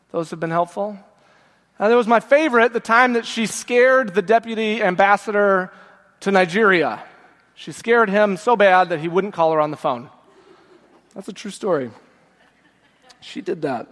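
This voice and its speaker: A middle-aged male pastor preaching a sermon, reading scripture with feeling and slowing to a low, soft close at the end of phrases. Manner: slows and drops low at phrase ends. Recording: long church reverb.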